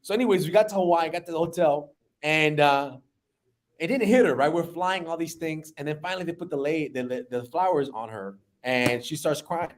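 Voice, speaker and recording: A man in his thirties, a business owner telling an emotional personal story in an animated way, often repeating words. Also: a little high, brisk, slight background noise.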